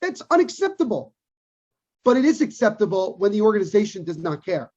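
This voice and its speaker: A man's voice: high voice, lively intonation, quick pace, darkish tone. A man co-hosting a sports podcast, talking in an emphatic, opinionated way and repeating his points for stress. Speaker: podcast co-host. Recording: dull lo-fi recording.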